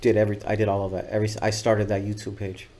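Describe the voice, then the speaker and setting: A man telling stories as a podcast guest, laid-back and rambling, swearing freely and filling pauses with "uh" and "you know what I'm saying". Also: lowish voice, monotone, mellow, a little hiss or hum. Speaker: music video director, podcast guest. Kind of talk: casual storytelling interview.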